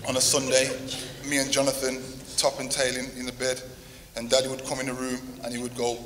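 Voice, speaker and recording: A man reading a eulogy for the grandfather who raised him, with a steady, even delivery. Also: mid-range voice, fairly quick. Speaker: grandson giving a tribute. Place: church. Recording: long hall reverb, faint noise.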